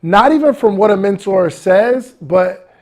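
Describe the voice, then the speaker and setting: High-voiced excitable podcast host man. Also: a little slow. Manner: excitable, slangy, says "yo" a lot. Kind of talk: casual interview talk.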